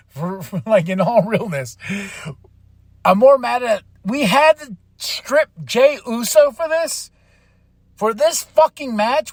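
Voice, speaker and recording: A man's voice: very high voice, no echo, studio quality. A man hosting a podcast, recapping wrestling in casual, profane chat and mimicking wrestlers as he goes. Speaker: podcast host.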